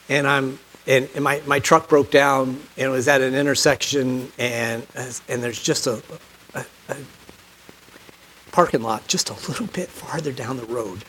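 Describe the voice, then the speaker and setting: A man preaching a sermon, telling a personal story in a folksy way, often dropping to a quiet low voice and rising when he stresses a point. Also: low-quality recording.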